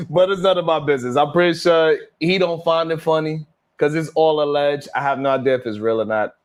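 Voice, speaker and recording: A man hosting a casual livestream, chatting and reacting to viewers with laughs, sighs and slang. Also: a little high. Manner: laid-back, laughing, sighing, drawling slang. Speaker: livestream host. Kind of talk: casual livestream chat reading super chats.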